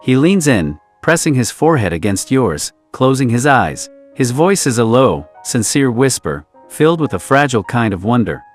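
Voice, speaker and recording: A man reading a romance role-play story aloud in a soft, intimate storytelling manner. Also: medium pitch, very animated, moderate pace, hardly any pauses, faint music behind. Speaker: narrator.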